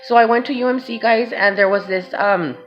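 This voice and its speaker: A woman's voice: a little high, a little fast, muffled recording, soft background music. A mother speaking to her viewers, telling an emotional personal story and often calling them "guys". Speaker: vlogger and mother.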